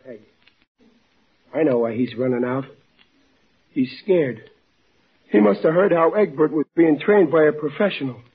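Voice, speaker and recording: A raspy stammering blowhard father, high for a man, lo-fi radio sound. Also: expressive, measured pace, pauses often, full character voice. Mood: indignant. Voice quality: husky, raspy. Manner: blustering, stammering, boastful. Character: blustering middle-aged working-class father. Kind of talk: 1940s radio comedy acting. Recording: lo-fi old radio recording.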